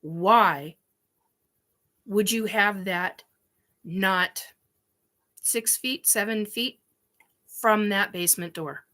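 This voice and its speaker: A woman's voice: lowish voice, a bit bright. A woman hosting a show, telling a personal story in a rambling, emphatic way with many ums and restarts. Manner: emphatic, swears casually. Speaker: host.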